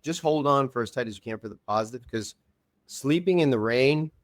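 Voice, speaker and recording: A man's voice: medium pitch, expressive, fairly quick, no room sound. Earnest rambling man, dry sound. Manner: earnest, rambling storytelling with many fillers. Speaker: reality show contestant and podcast guest. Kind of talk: casual chat.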